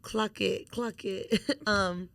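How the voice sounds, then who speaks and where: Slowly, in a creaky, medium-pitched voice, a young woman co-hosting a podcast relates a story in casual conversation. She curses liberally and acts out the quotes with animation, and there's no echo.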